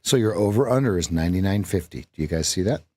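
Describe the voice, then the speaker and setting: Chatty male trading coach, lively pitch. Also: fast talker, breathy edge, dry recording. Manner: chatty, jokes at his own lines and laughs at them; thinks aloud while working out numbers. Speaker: trading coach and stream host. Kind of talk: live trading stream commentary.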